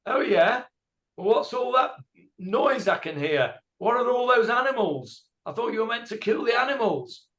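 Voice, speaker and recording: A man playing a furious old prophet who shouts and scolds a king. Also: very high voice, lively intonation, moderate pace, highs cut off, pitched above the performer's own voice. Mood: angry.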